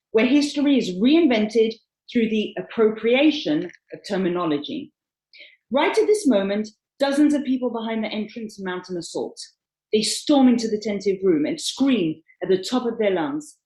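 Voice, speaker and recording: A woman with a fairly high voice that swings widely in pitch, reading a prepared account aloud in an echoey room. She presses hard on key words as she goes. She speaks as a panel moderator. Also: a little mellow.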